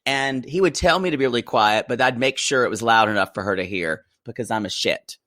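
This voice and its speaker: A man's voice: medium pitch, a little fast, sharp tone, no room sound, clean studio sound. A man co-hosting a podcast, chatting playfully and gossipily while recapping a reality show. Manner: playful, gossipy, laughs often. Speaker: podcast co-host. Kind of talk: casual chat recapping a TV show.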